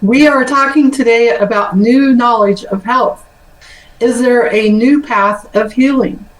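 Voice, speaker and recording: Higher-voiced woman host asking questions. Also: roomy sound, low-quality recording. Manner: halting, simple questions. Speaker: channel host. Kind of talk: interview questions.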